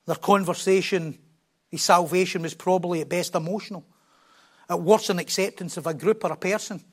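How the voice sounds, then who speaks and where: A man preaching a sermon from a church platform, passionate, swinging between quiet asides and loud, emphatic bursts. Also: sits high, steady tone, fairly quick.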